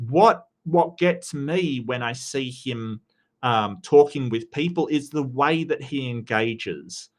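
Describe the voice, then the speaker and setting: A man with a non-American accent gives casual commentary on video clips in a slow, mid-range voice. He rambles and often stammers as he restarts his sentences.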